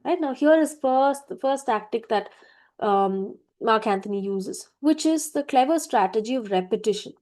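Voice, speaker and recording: A woman's voice: fairly high pitch, lively intonation, normal speed, a little mellow. A woman teacher giving a literature lecture, reading quoted lines and explaining them, with frequent "right?" check-ins to her students. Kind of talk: classroom lecture.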